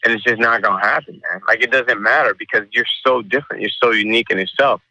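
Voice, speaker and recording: Bright-voiced, animated male artist. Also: medium pitch, fast, dry recording, low-quality recording. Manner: animated, profane, acts out quoted voices. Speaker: artist guest. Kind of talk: casual conversational interview.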